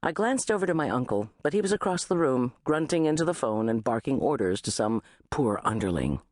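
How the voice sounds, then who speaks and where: A woman reading a first-person novel as an audiobook narrator, expressive and wry. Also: a bass voice, a little fast, dry recording, studio quality.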